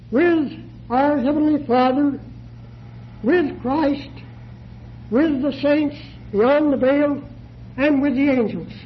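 A man preaching a sermon, measured and deliberate, posing questions to his listeners. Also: very high voice, highs cut off, slight background noise.

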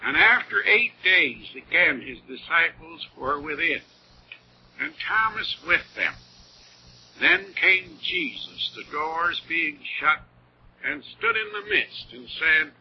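A man's voice: a little high, sing-song, takes it slowly, breathy edge. A man preaching a sermon in an earnest, heartfelt way, with rising emphasis on key words. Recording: dull lo-fi old recording with faint noise.

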